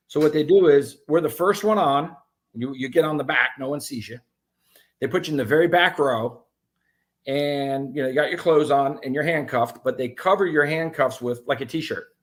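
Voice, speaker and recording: A man telling his own story as an interview guest, animated and profane, with many restarts. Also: a little high, normal speed.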